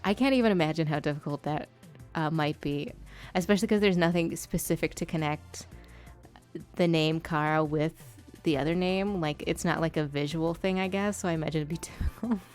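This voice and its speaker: Young woman, streamer, very low pitch, rambling chatty talk, faint music behind. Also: brisk, a little mellow. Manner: rambling, chatty, laughs often, frequent fillers. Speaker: art streamer. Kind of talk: casual chat while painting on stream.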